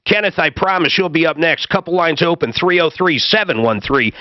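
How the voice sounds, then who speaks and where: A man hosting a call-in radio show, brisk and friendly as he moves between callers. His voice sits a little high for a man. The sound is dry and slightly muffled, like a dull studio feed. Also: no echo. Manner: brisk, friendly, reads phone numbers. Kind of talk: on-air call-in talk.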